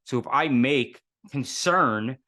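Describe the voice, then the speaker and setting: A man talks as an interview guest, his pitch in the middle of the range. He tells his stories in earnest and works through them with rhetorical questions. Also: takes it slowly, pushed and bright. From New York City. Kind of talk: casual interview talk.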